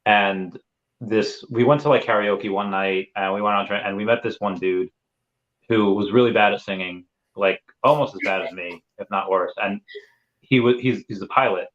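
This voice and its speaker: Rambling man with a low voice. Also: normal speed, fairly bright tone. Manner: rambling storyteller, many fillers. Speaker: podcast host. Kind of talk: casual chat. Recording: muffled lo-fi sound.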